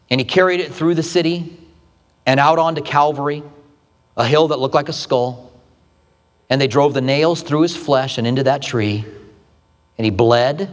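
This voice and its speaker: A male pastor delivering a sermon, telling the story dramatically with acted quotes. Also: long reverb tail. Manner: dramatic retelling with acted quotes, shifting pitch widely.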